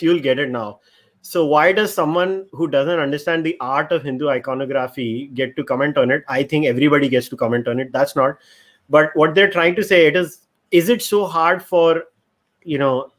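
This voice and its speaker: A man hosting a podcast discussion, his voice a bit higher than usual for a man. He argues his points earnestly and moves the conversation along. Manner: earnest, argumentative. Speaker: podcast host.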